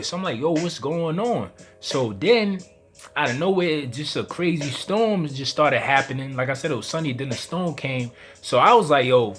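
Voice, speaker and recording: A man, a spiritual vlogger telling a dream story to camera in a casual, animated way, acting out his own lines as quotes. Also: on the high side. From New York.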